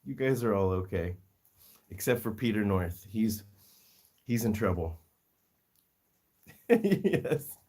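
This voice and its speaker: A man's voice: on the low side, unhurried, long pauses, a little mellow. A man hosting a casual livestream, talking fondly to his guinea pigs and his viewers, often breaking into laughter. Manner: chatty, fond baby-talk to his pets, laughs often. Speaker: guinea pig rescue livestream host.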